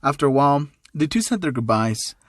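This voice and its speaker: A man's voice: a little high, big pitch swings, fairly quick, dry recording, studio quality. A man narrating an amateur fan story in a plain, repetitive reading style.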